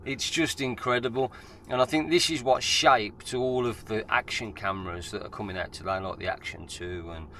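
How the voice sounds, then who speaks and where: A man with an English accent chatting casually and excitably in his drone vlog, swearing freely. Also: fairly low pitch, normal speed, hardly any pauses. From England. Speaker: FPV drone vlogger. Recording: loud background noise.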